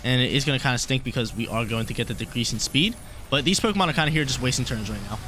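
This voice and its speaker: Fast-talking man commentating his own game. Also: mid-range voice, soft background music. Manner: excitable, repeats himself, slangy. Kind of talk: casual play-by-play of an online battle.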